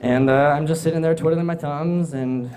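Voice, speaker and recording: A man's voice: a little high, fairly even intonation, normal speed, a little mellow, clean tone. Rambling young man telling stand-up stories. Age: young adult. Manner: rambling, self-mocking anecdotes with frequent restarts. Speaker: stand-up comedian. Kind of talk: live stand-up storytelling. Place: stage before a laughing audience.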